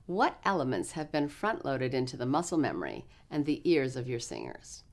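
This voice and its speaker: Low-pitched woman, calm clinician explaining rehearsal methods. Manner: clear, measured teacherly explanation; energetic rehearsal coaching with choir. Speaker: choral clinician. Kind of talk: recorded choral workshop lesson.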